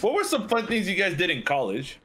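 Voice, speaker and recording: Bright-voiced high man telling stories. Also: a little fast, a little hiss or hum. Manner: animated, acts out quoted voices while telling stories. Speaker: podcast co-host. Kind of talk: casual chat, storytelling.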